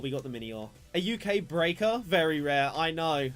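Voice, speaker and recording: A man's voice: fairly high pitch, sing-song, normal speed, fairly bright tone. A young man chatting casually to his live-stream viewers, rambling and self-deprecating as he opens trading cards. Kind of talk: casual live-stream card opening commentary. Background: faint background music.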